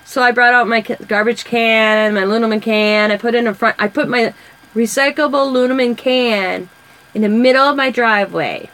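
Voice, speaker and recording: A craft vlogger colors while she chats casually, rambling through stories. Her voice is fairly high and a bit bright, her pace is moderate, and the audio quality is poor.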